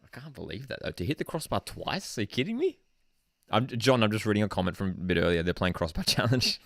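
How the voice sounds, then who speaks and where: Young Australian bloke hosting a live football watchalong, low voice that leaps around wildly, dry and close, easily excited. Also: male voice, quick pace, vocal fry, no room sound. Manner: excitable, swings between shouting and muttering, says "dude" often. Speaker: football channel host. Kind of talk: live match watchalong commentary.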